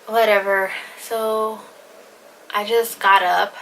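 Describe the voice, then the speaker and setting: Young woman, casual storytime, gravelly, lots of "like", noisy home recording. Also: mid-range voice, level tone, slow pace, a bit bright. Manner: fillers "like", acts out quotes, drops to a whisper at times. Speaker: vlogger.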